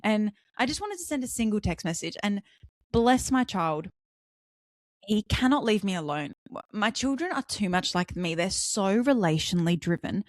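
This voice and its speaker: A woman's voice: mid-range voice, moderate pace, dry recording, clean studio sound. A woman co-hosting a casual podcast chat, a mother who tells stories with lots of laughter, talking over a remote call. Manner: animated storyteller, laughs often. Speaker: podcast co-host.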